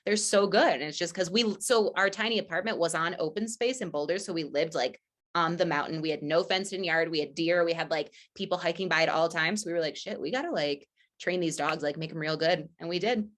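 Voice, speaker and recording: A woman's voice: lowish voice, fairly quick, a bit bright. Chatty woman telling a story. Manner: chatty storyteller, many "like" fillers, acts out quotes. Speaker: podcast guest, musician. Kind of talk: casual podcast chat.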